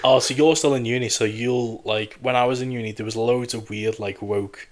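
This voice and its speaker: A young adult man hosting a podcast in casual chat, blunt, crude and quick to joke. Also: medium pitch, steady tone. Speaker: podcast host.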